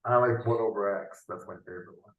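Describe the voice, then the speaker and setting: A man's voice: on the low side, steady tone, fast talker, highs cut off, crowd noise. A man tutoring math in a loose, unscripted lesson, thinking aloud and often ending with tag questions, heard over a video call. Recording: roomy, from off the mic.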